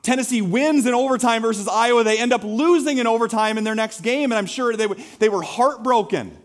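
A male pastor with a fairly high, lively voice delivers a conversational sermon. He talks to the congregation directly, asks them questions, and pokes fun at himself. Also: fairly quick. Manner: animated, conversational, self-mocking humor with audience questions. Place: church sanctuary.

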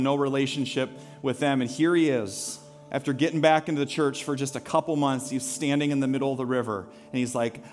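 A man preaching a sermon as pastor, telling a story earnestly and rising to rousing calls to worship. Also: mid-range voice. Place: church sanctuary.

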